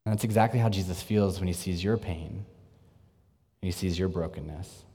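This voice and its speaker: Male preacher, lowish register, earnest sermon delivery with quiet intense drops, long hall reverb. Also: normal speed, husky. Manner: earnest preaching, swings from energetic to hushed and intense.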